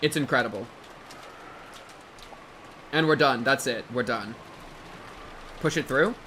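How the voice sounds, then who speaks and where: A man in his twenties chatting casually with his stream chat, excitable and jokey, breaking into loud yelps and shouts. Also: medium pitch, slow pace, a little hiss or hum. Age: 20s.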